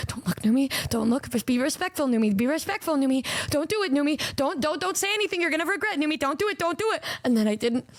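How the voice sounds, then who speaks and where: A woman streamer telling stories to her chat in a casual, animated way, swearing freely. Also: high voice, no echo.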